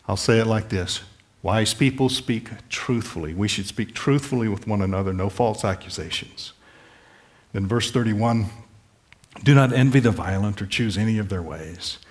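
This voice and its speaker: Male pastor, lower-pitched, earnest sermon delivery with pleading appeals. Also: moderate pace. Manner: earnest, pleading, rephrases verses plainly.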